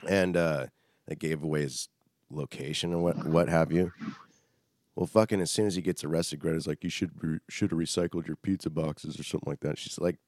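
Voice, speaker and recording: A man's voice: rumbling low, no echo, clean studio sound. A young man casually chatting as a podcast co-host, rambling and swearing a lot. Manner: profane, rambling, animated. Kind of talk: casual chat.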